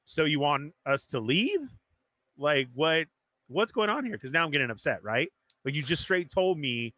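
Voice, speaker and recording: Male storyteller, bright and fairly high, casual podcast chat, dry mic. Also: very animated, moderate pace, dry recording. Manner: acts out other people's lines in quoted voices.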